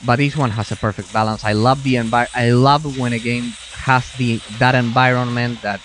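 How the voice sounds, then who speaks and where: At normal speed and with a level tone, a man with a mid-range, somewhat bright voice comments casually on the video game he's playing. He rambles, restarts, and mutters to himself along the way.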